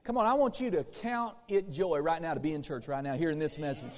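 A man's voice: on the high side, brisk, a little mellow. A man preaching a sermon in a church, emphatic and repetitive, acting out bursts of laughter. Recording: long hall reverb in a church.

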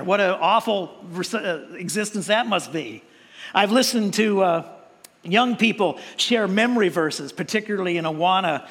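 A man's voice: high voice, moderate pace, gravelly, a bit bright, long reverb tail. A male pastor preaching a sermon in a conversational way, with frequent restarts and playful mimicked voices.

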